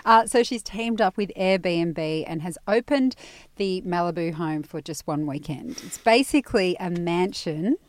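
A woman hosting a podcast panel in a lively, chatty way. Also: on the low side, unhurried, no room sound. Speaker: presenter.

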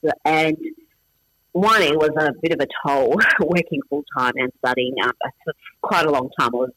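A middle-aged man with an Australian accent, born in Iran with Farsi as his first language, talks through his story in a relaxed interview. His voice sits a little high and very bright. The sound is close and dry, and he often restarts his sentences with easy fillers. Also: normal speed, no room sound, low-quality recording. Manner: chatty, self-deprecating, frequent restarts and fillers. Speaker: interview guest. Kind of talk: casual interview chat.

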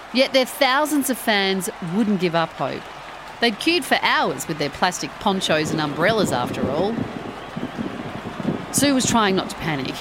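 A woman hosting and narrating a story podcast with expressive delivery. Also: medium pitch, noisy background. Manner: expressive, rising with excitement. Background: background music.

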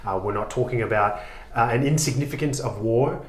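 Rambling man, echoey room. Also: medium pitch. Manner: rambling, self-mocking, quick to laugh. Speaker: podcast co-host. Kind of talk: casual comedic chat.

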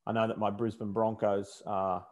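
This is an Australian man with a slightly low voice. He talks casually, pausing often with fillers and restarting his sentences. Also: level tone. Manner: halting, many fillers and restarts. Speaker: motorsport commentator guest. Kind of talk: casual interview chat.

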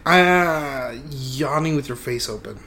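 A man hosting a podcast in casual chat, an animated storyteller who acts out the voices. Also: mid-range voice, takes it slowly, vocal fry. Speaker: podcast host.

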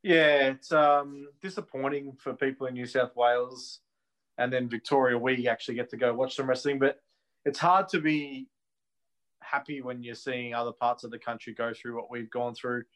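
A man's voice: mid-range voice, steady tone, normal speed, fairly bright tone. A man co-hosting a podcast in casual, opinionated chat, laughing easily. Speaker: podcast co-host.

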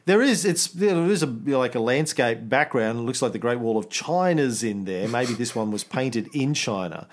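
A man's voice: medium pitch, animated, moderate pace, few pauses. A man co-hosting a casual art-history chat, musing aloud with irreverent, crude jokes. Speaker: podcast co-host.

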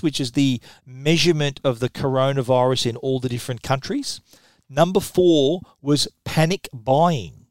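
In a mid-range voice with no echo, a middle-aged Aussie tech show host talks radio tech news. He's lively and chatty, frequently starting sentences over and repeating words when he does.

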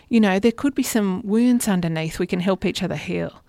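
A woman, a relationships therapist, guest on a radio show, explaining calmly with practical examples. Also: medium pitch, normal speed, few pauses, no echo. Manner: warm, explanatory, gives practical examples with acted-out quotes.

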